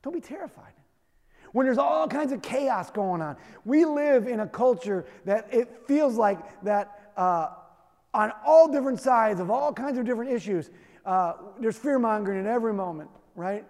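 A man's voice: extremely high pitch, animated, normal speed, a little mellow, long reverb tail. A man preaching a sermon in a conversational, emphatic way, with self-deprecating humor. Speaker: pastor.

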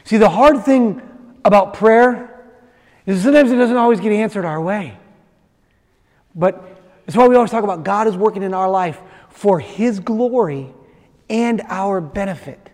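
A man's voice: sits high, moderate pace, pauses often, darkish tone. A man preaching a sermon, retelling a story with acted-out voices and then speaking directly to the congregation. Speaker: pastor. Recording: long reverb of a large hall.

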